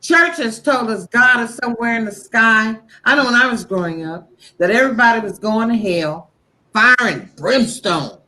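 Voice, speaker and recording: Her voice is fairly high with a sharp tone. On a talk show she speaks about faith in an impassioned, preachy, heartfelt manner, blunt profanity included, and delivers it all slowly and deliberately.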